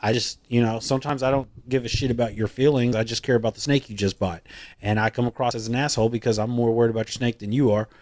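Laid-back man, podcast guest, casual rambling with plenty of swearing, mid-pitched. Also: steady tone, fast talker, darkish tone, no echo. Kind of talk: casual chat.

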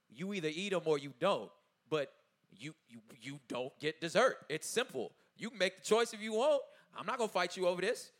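A man in his thirties giving a casual, animated talk to an audience, often checking in with his listeners and laughing as he goes. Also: on the high side. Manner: loose, informal phrasing with laughs. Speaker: artist speaking at a talkback.

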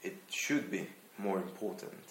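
A young man from Israel speaks with an Israeli accent, his voice sitting very low. He talks through his ideas slowly and thoughtfully, now and then hunting for the right word. The room around him rings with echo. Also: a bit bright, slight background noise. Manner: thoughtful, searching for words. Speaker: guest violinist. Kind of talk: casual interview talk.

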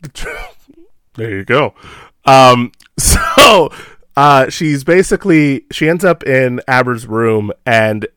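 Excitable laughing man on a film podcast. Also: medium pitch, slow pace, clean tone, no echo, studio quality. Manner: excitable, laughs often, rambling fillers. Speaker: podcast co-host. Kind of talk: casual chat about a film.

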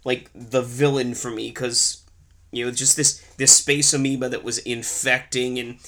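A man's voice: mid-range voice, little pitch movement, unhurried, bright, forceful tone. A man co-hosting a casual movie review chat, ranting sarcastically and swearing often. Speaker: podcast co-host.

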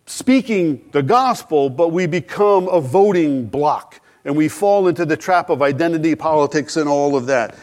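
A man's voice: on the high side, darkish tone. A middle-aged man preaching a sermon, earnest, asking rhetorical questions and acting out quoted dialogue. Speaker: pastor.

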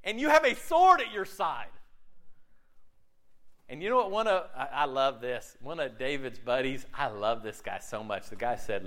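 Animated, lively-pitched male preacher. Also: a little slow, long pauses. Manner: animated, laughing, acts out quoted voices. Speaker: pastor. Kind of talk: sermon.

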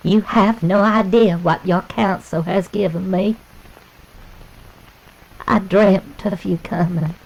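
A woman's voice: mid-range voice, steady tone, slow, creaky, pauses often, darkish tone, lo-fi sound. A woman playing an adoring Southern woman on trial in a film scene, speaking in a swooning, melodramatic way.

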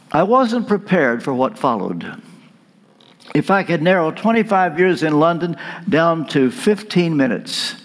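A man delivering a sermon as a guest preacher, telling a story with dramatic pauses. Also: on the high side. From United States.

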